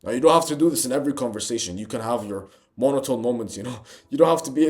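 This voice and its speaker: A man's voice: mid-range voice, quick pace. A young man giving a motivational self-improvement monologue, intense and emphatic, swearing and calling the listener bro.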